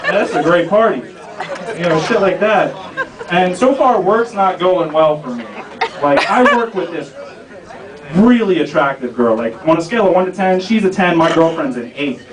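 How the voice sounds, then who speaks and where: Young male stand-up comic, high, bouncy voice, rambling then deadpan; roomy lounge stage, loud crowd laughing. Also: normal speed, recorded from a distance, heavy background noise. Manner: loose, rambling delivery with deadpan punchlines. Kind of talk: stand-up set. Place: small restaurant lounge stage. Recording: roomy club sound, from off-mic, loud crowd. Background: audience laughter.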